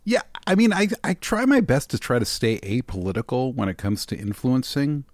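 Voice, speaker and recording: A man co-hosting a podcast in loose, casual chat. His pitch moves in a lively way as he rambles and restarts his sentences. The sound is dry and close. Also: moderate pace, dry recording. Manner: animated, many restarts and fillers. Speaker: podcast co-host.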